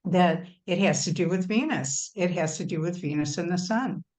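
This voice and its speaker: A woman's voice: fairly low pitch, moderate pace, darkish tone, rough recording. A woman author in a webinar discussion, thinking aloud reflectively with many fillers over a video call. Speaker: astrology author.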